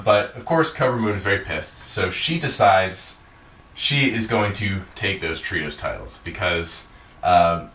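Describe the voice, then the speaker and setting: A man's voice: low voice, fairly bright tone. A man hosting a podcast, casually recapping a wrestling show in a rambling way, full of fillers and swearing. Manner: rambling, filler-heavy, profane. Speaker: podcast host. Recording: echoey room, distant mic.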